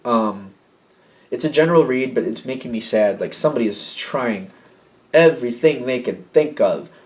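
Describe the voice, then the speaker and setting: A man's voice: medium pitch, animated, normal speed. A man giving a casual, intuitive tarot reading in a rambling, emotional way. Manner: rambling and emotional, often acting out the people in the reading. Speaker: tarot reader. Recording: slightly distant mic with faint noise.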